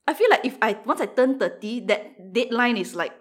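A woman in her late twenties chatting casually on a panel, animated and quick to laugh as she talks. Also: a little high, husky. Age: late 20s. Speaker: panel guest. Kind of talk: casual chat.

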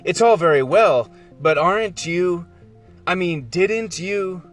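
A man's voice: sits high, takes it slowly, faint music behind, pitched above the performer's own voice. A man reading aloud and voicing a startled, stammering young schoolboy. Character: flustered young English schoolboy.

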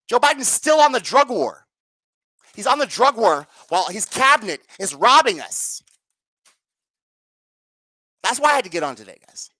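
A woman's voice: a little high, sharp tone, no echo. A woman ranting to her viewers as a political commentator, sarcastic, profane and exasperated. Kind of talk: angry political rant to viewers.

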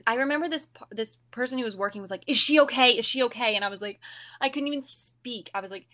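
Bright-voiced young woman guest. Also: medium pitch. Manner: giggly, excited retelling. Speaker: podcast guest. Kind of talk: casual storytelling chat.

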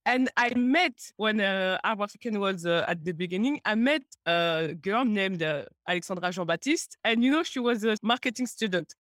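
A woman's voice: medium pitch, expressive, moderate pace, hardly any pauses, a bit bright, no room sound. A woman from France speaks English with a French accent as a podcast guest. She tells her story playfully, often laughing. The recording is dry and close. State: a little nervous.

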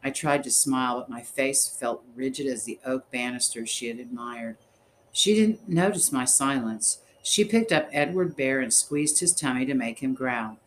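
A man narrating a story in the first person, reading in a measured, steady way. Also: medium pitch, slight background noise, rough recording. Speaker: audiobook narrator.

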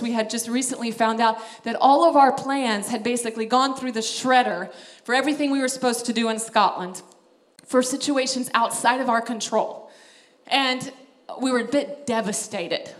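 High-voiced woman telling a heartfelt testimony. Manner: animated storyteller, laughs often, drops to soft emotional tones. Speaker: missionary speaker. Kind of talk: personal testimony talk.

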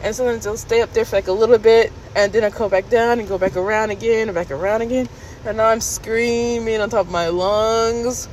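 A woman vlogger casually recounting a story to her viewers, candid and laughing, jumping into high squeals when she quotes herself. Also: a little fast, a little hiss or hum, poor audio. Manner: animated retelling, jumps to high squeals when quoting herself.

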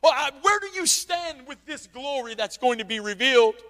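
A middle-aged man preaching a revival sermon into a church microphone, loud and impassioned, dropping into quiet asides and repeating words in quick runs. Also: extremely high pitch, lively intonation. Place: church sanctuary with a sound system. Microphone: handheld or stand microphone, volume adjusted by the sound man.

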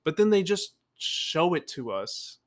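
Animated, high-voiced young man on a podcast. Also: unhurried. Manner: animated and critical, swears freely. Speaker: podcast co-host. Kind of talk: casual chat.

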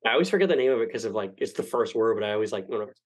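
On a rough recording, a young podcast guest with a lowish voice races through a long, meandering tale told casually. Profanity comes up constantly, and he performs other people's lines with animation.

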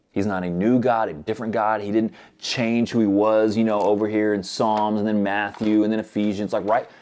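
A man preaching a sermon earnestly, moving between loud urgent stretches and soft hushed ones. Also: lowish voice.

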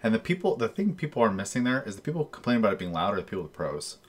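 Deep-voiced man with a lively pitch. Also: racing, slightly rough. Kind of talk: casual chat.

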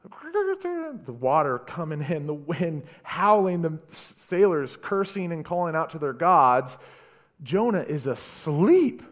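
Pastor, male, expressive bouncy pitch, animated sermon storyteller. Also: takes it slowly. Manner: animated storytelling, stammering repeats.

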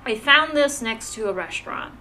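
A bright, forward-sounding woman co-hosting a casual podcast. She chats loosely, laughs a lot and often trails off or restarts her sentences. Faint room noise sits behind her. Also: fairly high pitch, big pitch swings, normal speed. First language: Vietnamese heritage, speaks English. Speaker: podcast co-host. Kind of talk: casual chat.

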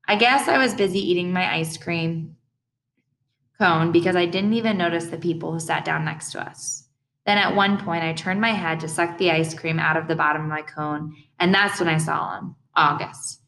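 A woman's voice: on the low side, moderate pace, a bit bright. A woman narrating a first-person audiobook in a plain, conversational way.

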